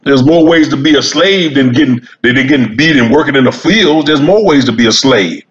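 A man's voice: medium pitch, fairly quick, highs cut off. A man vlogging about cigars, rambling in a folksy, repetitive way and chuckling as he talks straight to his viewers while he smokes outdoors. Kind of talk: casual rambling monologue. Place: sitting outdoors smoking a cigar.

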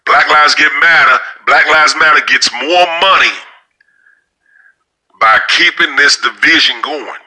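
A man's voice: on the high side, unhurried, bright, forceful tone, rough recording. A man telling a rambling story in a casual monologue, repeating words and speaking frankly and profanely. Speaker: storyteller sharing opinions.

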